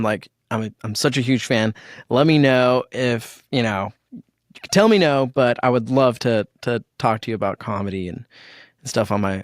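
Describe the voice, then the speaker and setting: A man's voice: medium pitch, no room sound, clean studio sound. Laid-back podcast host man. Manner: laid-back, rambling, many fillers and laughs. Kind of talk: casual interview chat.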